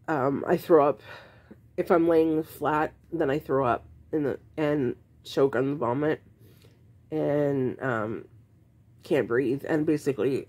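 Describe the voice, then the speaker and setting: A woman's voice: sits low, a little mellow, slightly rough. Frank, exasperated woman vlogger. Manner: frank, exasperated, rambling with many restarts. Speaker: vlogger telling her own medical story. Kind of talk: casual personal storytelling to camera.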